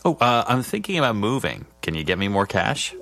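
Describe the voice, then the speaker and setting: A man's voice: lowish voice, big pitch swings, brisk, vocal fry, fairly bright tone, no echo, soft background music, full character voice. A man acting as an upbeat, eager customer in scripted ad dialogue.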